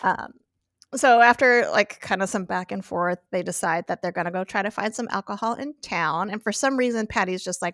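A woman's voice: mid-range voice, a little fast, a bit bright, no room sound, studio quality. A woman guest on a podcast who chats casually as she recaps an episode, often laughing and acting out the characters' lines. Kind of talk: casual chat.

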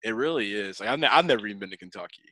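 A man hosting a podcast in casual chat, joking and teasing with quick bursts of laughter. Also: lowish voice, animated, pushed and bright, slightly rough, no room sound. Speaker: podcast host.

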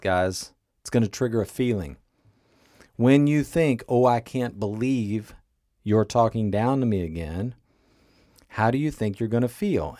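On his podcast, a life coach with a lowish, dark-toned voice casually walks listeners through a coaching tool, checking in often with "right?" and "okay?". The recording is close and dry.

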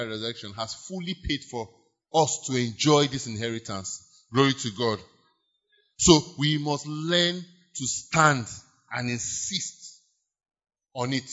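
A man's voice: medium pitch, bright, forceful tone, breathy edge. A man preaching a sermon as pastor, emphatic, repeating key phrases and stretching words for stress while leading the congregation in declarations. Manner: leads the congregation in call-and-response declarations. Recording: dull lo-fi church sermon recording.

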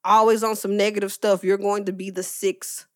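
A woman co-hosting a casual chat, talking in a relaxed, loose way and giving advice. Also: mid-range voice, moderate pace.

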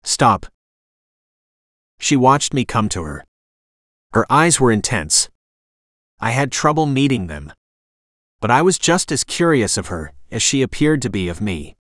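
A man reads a first-person audiobook in a wry, expressive way. His pitch sits mid-range but moves a lot. The recording is dry, with no room sound. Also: normal speed, pauses often, no echo. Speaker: audiobook narrator.

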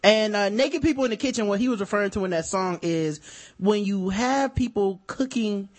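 A man's voice: high-pitched, normal speed. A man co-hosting a podcast in casual chat, laid-back and joking. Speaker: podcast co-host.

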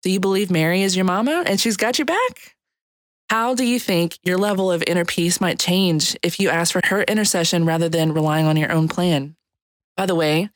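A woman's voice: fairly low pitch, dry recording. A woman with a Louisiana Cajun accent giving a light-hearted, chatty devotional reflection on a podcast. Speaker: podcast contributor.

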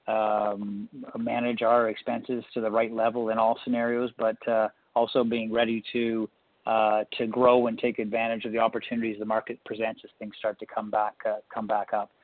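A man speaking as a company executive on an earnings call, halting with many fillers. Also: on the low side, no echo. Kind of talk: conference call answer. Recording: tinny phone line.

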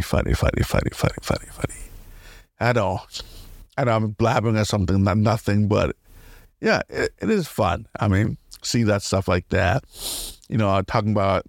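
A male podcaster with a lowish voice hosts a casual solo show, chatty and meandering. He rambles, laughs often between thoughts, and restarts a lot, in a dry recording.

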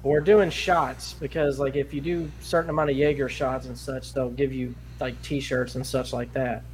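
A man's voice: medium pitch, little pitch movement, normal speed. A man on a podcast telling a rambling, profane story and laughing along as he goes. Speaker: podcast co-host. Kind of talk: casual podcast chat.

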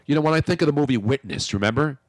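A man's voice: mid-range voice, animated, racing, no echo, studio quality. A man with a Philadelphia accent co-hosting a radio show, bantering in an opinionated, rambling, jokey way.

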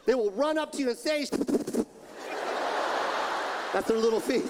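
A man doing a loud stand-up comedy set, putting on voices and laughing between lines, recorded live in a comedy club. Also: very high voice, moderate pace, very noisy.

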